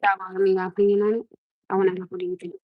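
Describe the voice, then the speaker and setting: Racing along at medium pitch, this young livestreamer from Norwalk, USA, has a New York-tinged accent and an animated, chatty style. She restarts frequently and poses the same questions to her viewers over and over. Her recording sounds dry and dull.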